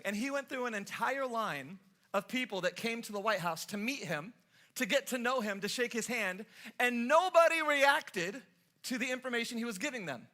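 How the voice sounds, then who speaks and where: High, bright-voiced playful pastor. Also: male voice. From Los Angeles area, USA. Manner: playful, teasing the congregation. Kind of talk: joking, storytelling sermon. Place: church service before a congregation.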